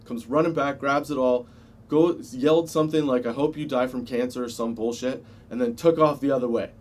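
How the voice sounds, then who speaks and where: A man's voice: medium pitch, a little fast, a little mellow. A man telling a casual personal anecdote, swearing freely and chuckling often as he goes. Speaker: storyteller.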